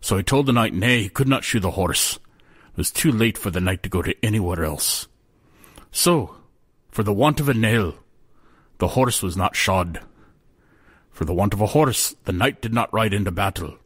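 A man's voice: on the low side, expressive, normal speed, long pauses, a bit bright, breathy edge, no room sound, studio quality. A man voicing a weathered old former blacksmith's apprentice, telling a tale in old-fashioned speech. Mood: solemn, wistful. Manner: old-fashioned storytelling speech, calls listener lad.

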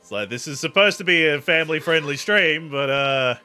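A man's voice: fairly high pitch, normal speed, pushed and bright, soft background music. A man chatting casually and joking over a game stream, laughing often. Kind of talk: casual gameplay chat.

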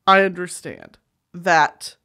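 A woman, hosting a comedic commentary show and swinging between shouts, whispers and laughter. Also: fairly low pitch, steady tone, slow pace. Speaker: host.

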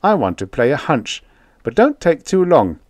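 A man's voice: on the high side, big pitch swings, moderate pace, a little mellow, no room sound, pitched above the performer's own voice. A man voicing a practical, wisecracking male diplomat with a dry delivery. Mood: wry, brisk.

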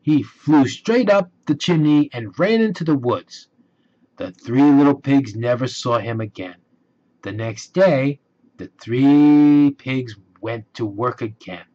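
A man reading a children's storybook aloud, slow and expressive. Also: mid-range voice. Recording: dull lo-fi recording.

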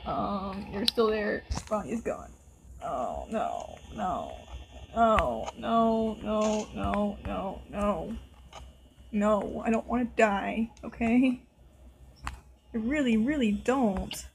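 A woman's voice: mid-range voice, fairly even intonation, takes it slowly, vocal fry, a little hiss or hum, poor audio. A woman hosting a gameplay video, giving casual, nervous commentary and talking to the game characters as she plays. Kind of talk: casual let's-play commentary.

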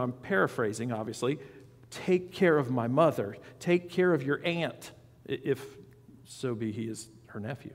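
Man preaching in a reverberant church. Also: medium pitch. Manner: conversational preaching with asides and quotes. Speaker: pastor. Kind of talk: sermon. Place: church sanctuary.

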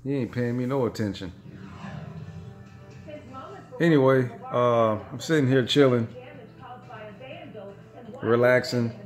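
A man's voice: medium pitch, slow, long pauses, faint music behind. A man making a casual home vlog in his living room, teasing his dog with playful trash talk and slang, filmed on a phone camera. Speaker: vlogger.

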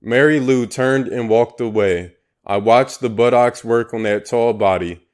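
A man's voice: medium pitch, measured pace. A man narrating an audiobook in a dry, matter-of-fact manner. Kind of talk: scripted narration.

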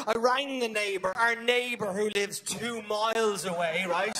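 A man with an Irish accent doing loud, animated stand-up storytelling on stage, swearing freely. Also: very high voice, moderate pace, hardly any pauses, some chatter behind. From Ireland. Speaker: stand-up comedian. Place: live comedy venue on stage.

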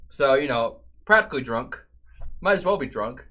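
A man streaming a game and chatting loosely with his viewers, profane and given to sudden loud outbursts. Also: medium pitch, lively intonation, normal speed. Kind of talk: casual live-stream chat.

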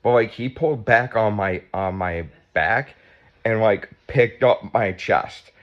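A man's voice: on the low side, slow pace. A man in his fifties vlogging at home, sore and tight after surgery, chatty and blunt and swearing freely. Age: 50s. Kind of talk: casual vlog talk. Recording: dull lo-fi sound.

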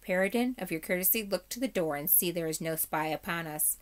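A woman's voice: on the low side, fairly quick, lightly acted. A woman reading aloud and voicing a young king who speaks in a formal, old-fashioned way. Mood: grave.

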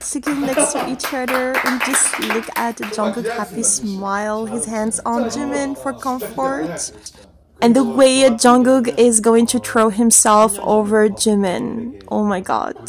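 A woman's voice: fairly high pitch, steady tone, measured pace, crowd noise. A woman hosting her own fan channel, gushing over a livestream with repeated exclamations. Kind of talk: fan reaction commentary. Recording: livestream audio and voices behind.

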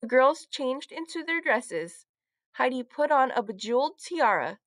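A woman teacher reading a children's book aloud, with clear, expressive storytelling. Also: high-pitched, normal speed, dry recording.

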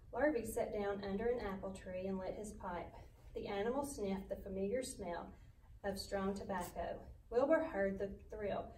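A woman's voice: mid-range voice, mellow, reverberant, distant mic, a little hiss or hum, rough recording. Woman reading a children's story aloud. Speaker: school principal reading aloud.

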